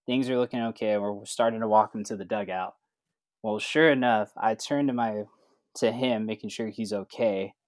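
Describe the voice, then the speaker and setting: A man's voice: fairly low pitch, normal speed, no room sound. A man, a certified athletic trainer, telling a story in a casual way, full of fillers, and acting out the dialogue. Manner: relaxed, acts out quoted dialogue with lots of fillers.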